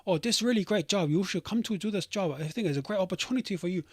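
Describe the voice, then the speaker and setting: A man doing an eager, pushy middle-aged recruiter woman with a Chinese-accented English, pitched up high and pressing hard to sell a job. The take is dry and close, with no room around it. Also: fast, slightly rough, dry recording, lightly acted. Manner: eager, insistent sales pitch.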